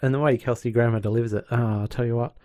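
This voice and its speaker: A man's voice: mid-range voice, fairly even intonation, very fast, dark tone, no echo, studio quality. Enthusiastic man co-hosting a podcast. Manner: enthusiastic, quotes lines from the show. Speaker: podcast co-host. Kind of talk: casual chat.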